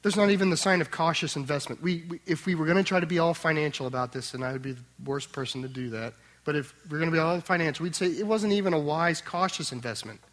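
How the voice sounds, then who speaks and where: A man preaching a sermon, swinging between loud emphatic passages and quiet tender asides. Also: fairly high pitch, fast talker, few pauses. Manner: acts out the master's voice in quotes. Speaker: pastor.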